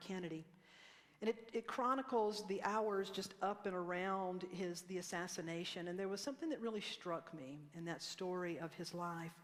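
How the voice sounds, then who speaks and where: A woman's voice: on the low side, big-room sound. A woman minister giving a conversational sermon, leading the congregation in responses and laughing at herself. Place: church sanctuary.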